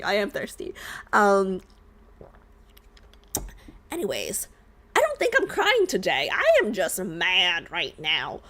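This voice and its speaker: A young woman streamer reacting to a game, ranting animatedly and exasperated, on a desk mic at home. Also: mid-range voice.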